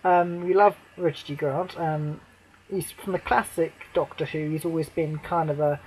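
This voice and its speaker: A man ranting to camera as a fan, swearing a lot, rambling with many fillers, and breaking into shouted outbursts. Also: fairly high pitch, steady tone, normal speed, slight background noise, poor audio. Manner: shouts and near-cries in outbursts. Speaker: vlogger.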